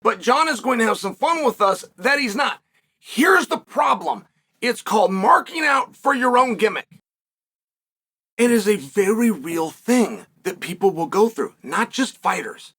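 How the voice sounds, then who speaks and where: A lively show host with a high-pitched, bright, slightly husky voice addresses his audience directly in solo commentary. He stretches words for emphasis and lets pauses drag out for effect.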